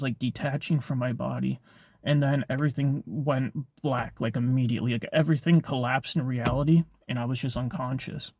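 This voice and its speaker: A man's voice: mid-range voice, a little mellow, no room sound, clean studio sound. A young man casually telling a personal story on his vlog, rambling, with lots of filler words and swearing. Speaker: vlogger.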